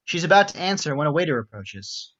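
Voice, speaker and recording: Male narrator reading stage directions, slightly high voice, muffled lo-fi mic. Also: big pitch swings, fairly quick, fairly bright tone, a little hiss or hum.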